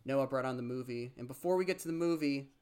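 Young male podcast co-host, chatty and loose, lots of fillers, mid-pitched voice. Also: quick pace, a little mellow, smooth. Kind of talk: casual chat.

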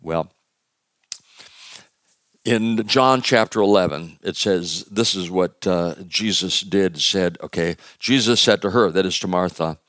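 Brief: male pastor, conversational sermon, loud emphasis dropping to quiet, deeper voice. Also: a little slow, dry recording. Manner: conversational with joking asides and fillers; swings from loud emphasis to hushed.

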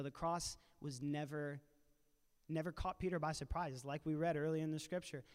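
A man speaks live in a church, telling a story in an easy, conversational preaching manner. His voice sits a little high, and he lively acts out the dialogue. The sound carries a long reverb from the hall. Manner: animated storytelling, acts out quoted lines.

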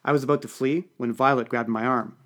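A man narrating a first-person comic story for an audiobook podcast, with a dry, deadpan delivery. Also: mid-range voice, fast talker.

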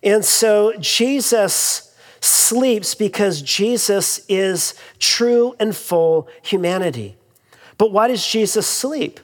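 A pastor preaching a sermon in a relaxed, conversational way, often restarting sentences and adding humorous asides, in a large church sanctuary. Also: medium pitch, takes it slowly. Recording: long hall reverb.

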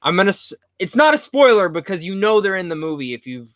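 A young man hosting a casual movie podcast, telling animated stories with lots of stammers and restarts. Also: high voice, fast, no echo. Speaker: podcast host.

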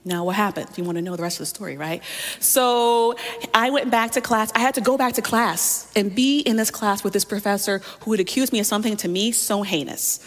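A woman's voice: medium pitch, long reverb tail. A woman pastor preaching a sermon, telling a personal story and often speaking straight to her listeners.

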